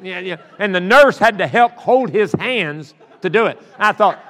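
A man's voice: sits high, expressive, moderate pace, few pauses, pushed and bright. A middle-aged man preaching a sermon, folksy and rambling, with many restarts as he tells stories. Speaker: pastor. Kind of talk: sermon with storytelling. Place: church sanctuary. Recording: long church reverb.

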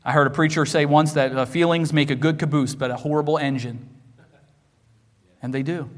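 A man preaching a sermon as pastor, emphatic and repetitive, swinging from hushed low passages to loud raised ones. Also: fairly even intonation, a little fast. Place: church sanctuary. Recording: long hall reverb from a church.

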